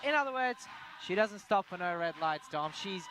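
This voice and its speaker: A man's voice: high voice, lively intonation, normal speed, music in the background. A man co-hosting a live online chat show, trading jokes and playful banter with his co-host. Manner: playful, mock Aussie slang. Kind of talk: joking casual banter.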